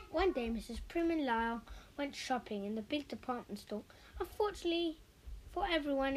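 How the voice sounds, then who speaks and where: A woman reading a children's picture book aloud, expressive, with occasional slips. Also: high-pitched, a little hiss or hum, poor audio. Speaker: storyteller. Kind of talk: children's story read aloud.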